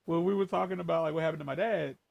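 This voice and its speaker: A man talking casually and rambling with lots of profanity, shifting between a playful voice and a lower, more formal one. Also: very fast, creaky, dull audio, a crowd in the background. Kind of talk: casual chat.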